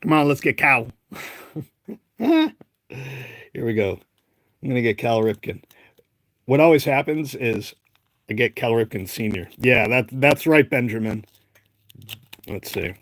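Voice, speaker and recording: A man's voice: mid-range voice, normal speed, long pauses, a bit bright, no room sound. A man with a Boston accent hosting a casual live stream, chatting and rambling as he calls out names one after another. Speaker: live-stream host opening card packs.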